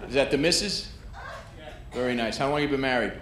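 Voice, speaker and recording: Brisk but prone to long pauses, a medium-pitched male comedian from New York delivers a brash stand-up set, baiting the crowd from the comedy club stage. Echo and loud crowd noise dominate the recording.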